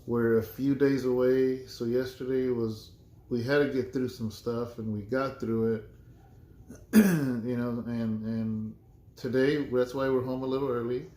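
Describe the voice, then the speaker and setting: A man pastor chatting in a relaxed, joking way with his church's online viewers from home. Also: mid-range voice, a little slow, reverberant. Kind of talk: casual chat with viewers. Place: home room.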